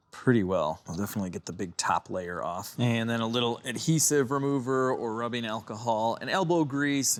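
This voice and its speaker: A man's voice: medium pitch, a bit bright. A young man from Chicago chatting and joking with viewers while he cleans and details a car. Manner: chatty, jokey, talks to viewers while working. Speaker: car YouTuber. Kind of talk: casual car-detailing vlog narration.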